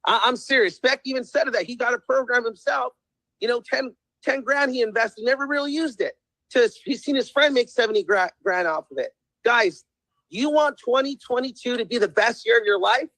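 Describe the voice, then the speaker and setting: A man's voice: very high-pitched, fairly quick, fairly bright tone, no echo, rough recording. A man giving an emphatic motivational pep talk, repeating himself and calling the viewers guys. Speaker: testimonial speaker.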